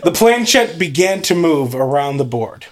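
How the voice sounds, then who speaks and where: A man reads a creepy tale aloud for a podcast, leaning into the drama and building suspense line by line. His voice sits a little high for a man. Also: sing-song, moderate pace. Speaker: podcast host reading a story. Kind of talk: dramatic story reading.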